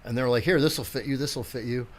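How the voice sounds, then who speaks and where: A man's voice: medium pitch, fast. A man in his sixties talks as a podcast guest, spinning a long story in a mid-range voice. He acts out what others said and swears casually as he goes. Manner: animated storyteller who acts out quotes and swears freely. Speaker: podcast guest, physical therapist and strength coach.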